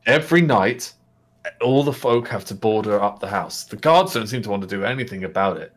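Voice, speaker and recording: A man voicing a rough-spoken male orc farmer in a folksy, gruff low voice. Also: expressive, a little fast. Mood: grim. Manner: rustic folksy drawl, blunt.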